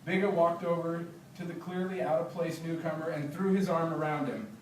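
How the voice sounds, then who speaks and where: Animated male author in an echoey room. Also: fairly high pitch, a little fast, a little hiss or hum. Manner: animated, laughing storyteller. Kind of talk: book talk and reading to a discussion group. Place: library meeting room. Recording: roomy, distant, faint background.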